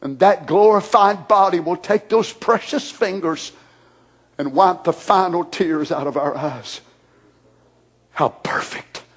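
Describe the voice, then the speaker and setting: A man preaching a sermon, praying aloud in hushed, near-whispered passages that build to loud, shouted fervor. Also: sits high, unhurried, breathy edge.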